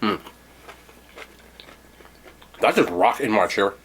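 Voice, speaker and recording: A man's voice: fairly low pitch, lively intonation, slow pace, a bit bright, slight background noise. A man hosting a casual mukbang food review, chatting to viewers while he eats. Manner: chatty, talks while eating. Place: seated indoors at home.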